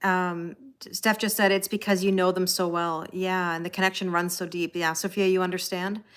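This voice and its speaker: A chatty woman with a Canadian accent hosts a live tarot stream, answering viewer comments one by one. Her voice sits a little low, and she keeps checking in with a reassuring "you know?". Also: flat delivery, moderate pace, a bit bright, clean tone. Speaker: tarot reader hosting a livestream. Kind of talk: casual live chat, reading out viewer comments.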